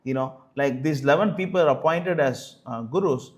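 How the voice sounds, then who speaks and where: A man presenting a spoken rebuttal commentary in an argumentative manner, often pausing on "you know" and "uh". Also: mid-range voice, muffled recording.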